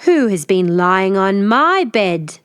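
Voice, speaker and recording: Lady doing a big gruff papa bear, slow stern growl, storybook. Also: medium pitch, sing-song, dry recording, studio quality.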